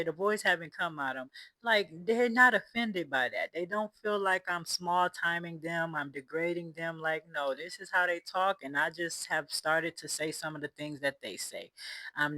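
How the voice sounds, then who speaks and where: A woman chats to her viewers from an outdoor building site. Her voice is bright and forward, picked up close and dry. She talks with emphasis and slides into pep-talk preaching. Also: low-pitched, no echo, poor audio. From United States. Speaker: vlogger and land developer. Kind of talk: casual vlog talk.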